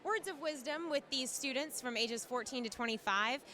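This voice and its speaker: Upbeat woman interviewer, high bright voice, outdoor event. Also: normal speed. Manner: upbeat, encouraging.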